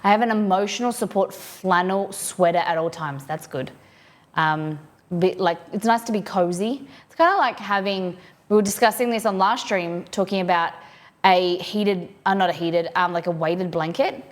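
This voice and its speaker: A chatty Australian woman with a slightly low voice talks casually to her viewers from her desk at home. She rambles and reads their messages aloud as she goes. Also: normal speed. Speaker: livestreamer.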